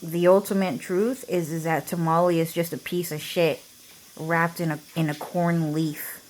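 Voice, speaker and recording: A woman's voice: lowish voice, flat delivery, moderate pace, darkish tone, slight background noise. A woman ranting casually into the camera, swearing often and filling her speech with "like" and "dude". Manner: profane, fills speech with "like" and "dude". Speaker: vlogger. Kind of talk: casual rambling rant.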